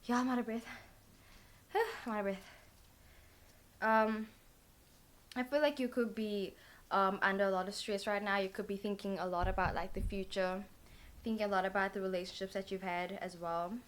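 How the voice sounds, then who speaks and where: Young female vlogger, tired, chatty tarot reader who rambles and leans on filler words. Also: medium pitch. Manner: rambling, full of "like" and "literally" fillers. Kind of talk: casual chatty tarot reading.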